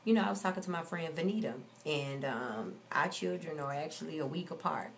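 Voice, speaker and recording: A woman's voice: sits low, animated, a little fast, gravelly, a little hiss or hum. A woman in her forties telling a story in a casual, blunt and profane rant. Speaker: vlogger.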